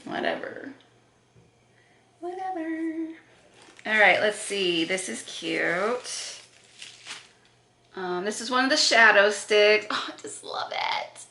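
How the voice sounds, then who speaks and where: A woman's voice: mid-range voice, takes it slowly, gravelly, sharp tone, a little hiss or hum. A woman doing a casual makeup unboxing, chatty and gushing, with gasps and self-corrections. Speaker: beauty vlogger. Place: echoey room. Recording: roomy echo.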